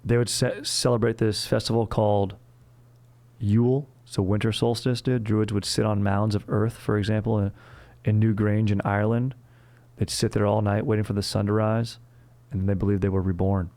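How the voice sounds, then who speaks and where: A man's voice: on the low side, little pitch movement, moderate pace, dark tone. A young man hosting a comedy history show, rambling in a slangy, profane way and calling everyone dude and bro. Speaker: comedy history podcast host.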